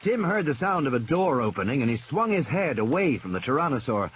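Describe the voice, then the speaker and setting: A male narrator reads dramatic fiction with a lively, swinging delivery that swells as the tension builds. A steady rain patters clearly behind him. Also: medium pitch, fairly quick. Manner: expressive, rising with the tension. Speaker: audiobook narrator. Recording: rain noise in background.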